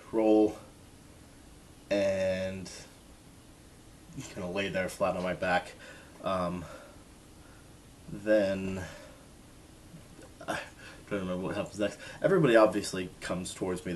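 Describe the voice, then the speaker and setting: A man with a low voice casually tells a self-mocking story to his camera in a jokey vlog style. There's slight background noise.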